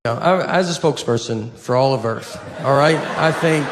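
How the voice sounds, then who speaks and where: A man's voice: mid-range voice, moderate pace, hardly any pauses. A man doing a stand-up comedy routine, telling stories in a dry, meandering way. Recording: reverberant hall, faint noise.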